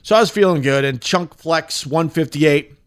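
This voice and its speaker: A middle-aged former shock jock now hosts his own podcast, reading social media posts in a casual, rambling, profane monologue full of emphatic swings. His voice is fairly high and he keeps a moderate pace.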